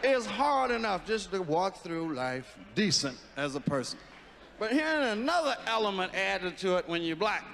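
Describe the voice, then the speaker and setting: Lively, high-voiced man doing blunt stand-up. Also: moderate pace, gravelly, big-room sound, a little hiss or hum. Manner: profane, emphatic. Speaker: stand-up comedian. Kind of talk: stand-up routine.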